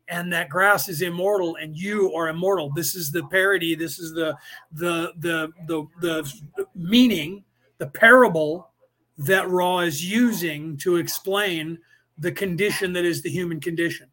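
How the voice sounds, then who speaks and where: A man's voice: high-pitched, bright, forceful tone. A middle-aged man leading a podcast study class, talking in a rambling way with many fillers and restarts. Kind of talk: lecturing study-group talk.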